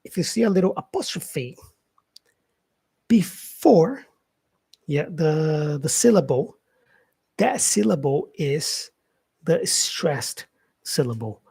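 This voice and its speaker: A man with a slightly raised, husky voice gives a loose spoken English lesson. He leans on "yeah" and "um" fillers and drags out example words. The sound is dry and close, with no room echo. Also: on the high side, expressive, a little mellow. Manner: unscripted, many fillers and "yeah" tags, repeats words slowly as examples. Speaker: English teacher.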